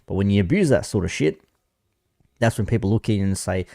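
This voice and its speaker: A man's voice: fairly low pitch, expressive, brisk, vocal fry, long pauses, mellow, no echo, studio quality. A man talking casually on a live stream, rambling about online chat moderation and swearing freely. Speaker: commentary streamer.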